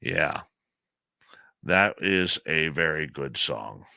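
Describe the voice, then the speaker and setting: A man's voice: a bass voice, animated, extremely slow, creaky, sharp tone, no echo. A Canadian man hosting a late-night radio talk show, chatty and enthusiastic, rambling as he tells stories and answers audience questions.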